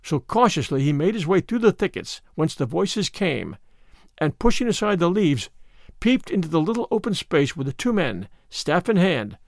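Expressive male storybook narrator. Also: fairly high pitch, moderate pace, no room sound, clean studio sound. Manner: expressive old-fashioned storytelling. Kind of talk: storybook read-aloud.

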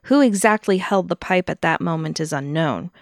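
Podcast co-host, woman, gravelly low voice, casual storyteller who laughs a lot, dry close recording. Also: lively intonation, normal speed, no room sound. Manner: laughs often while narrating. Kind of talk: casual chat, reading a true-crime history.

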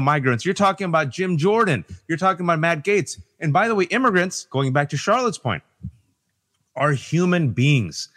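A man speaking as a guest on a political podcast panel, emphatic and animated, talking in quick bursts and mimicking people as he argues. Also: on the high side. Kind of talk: impassioned political podcast discussion.

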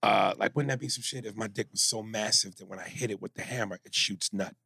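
A man's voice: fairly low pitch, quick pace, creaky, pushed and bright, slightly rough, dry recording, clean studio sound. A man co-hosting a comedy podcast, joking crudely and reading listener emails aloud. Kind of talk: casual podcast chat.

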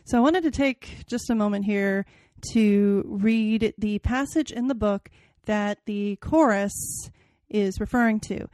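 A woman hosting a podcast, chatting casually and reading a novel passage aloud with animated expression. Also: mid-range voice, measured pace, dry recording. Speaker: podcast host. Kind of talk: casual chat and dramatic reading.

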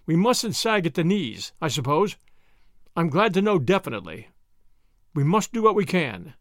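Man doing grave kind older official, measured, gentle. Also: a little high, big pitch swings, no echo, clean studio sound.

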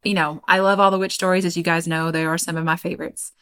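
A woman with a Kentucky accent, her voice slightly low, tells a story on a podcast. She keeps it loose and chatty, with quick asides to her co-host. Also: little pitch movement, fairly bright tone, clear, resonant tone. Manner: chatty, laughs often, spells out names slowly.

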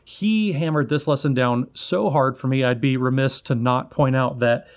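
A man co-hosting a podcast, giving relaxed, friendly advice. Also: mid-range voice, moderate pace. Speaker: podcast co-host. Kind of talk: casual chat.

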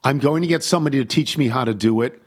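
A man's voice: mid-range voice, fast talker. An older man hosting a talk show, chatting casually and telling rambling, self-deprecating stories. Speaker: host. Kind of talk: casual chat.

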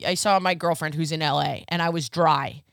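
A woman co-hosting a podcast, tossing in quick, wry remarks during a casual chat. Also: low-pitched, fairly even intonation, vocal fry, over loud music. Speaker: podcast co-host.

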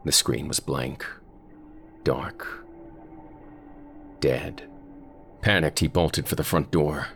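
Very deep gravelly man narrating horror. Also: fairly bright tone, a little hiss or hum. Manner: slow, brooding storytelling.

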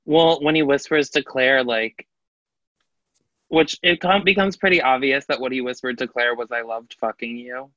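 Gossipy woman cohost, bright punchy voice, kinda dull dry recording. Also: rumbling low, normal speed, dry recording. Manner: gossipy, acts out quotes. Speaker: podcast co-host. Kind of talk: casual chat. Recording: dry, slightly dull sound.

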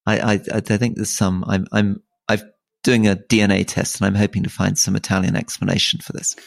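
Gravelly, halting low-voiced man. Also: level tone, no room sound. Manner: halting, restarts sentences and repeats words. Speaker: podcast co-host. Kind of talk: casual conversational chat.

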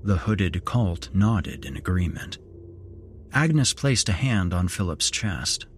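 A man hosting a horror podcast, narrating a scripted horror story in a slow, grave storytelling manner. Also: low-pitched, very animated, slight background noise.

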